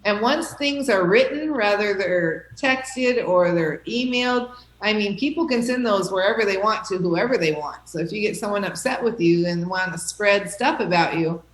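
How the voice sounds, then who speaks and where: A woman's voice: mid-range voice, normal speed, hardly any pauses, reverberant, rough recording. A woman teacher talking to her class, reassuring and checking in with "okay?" and "right?" as she goes. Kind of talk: classroom talk.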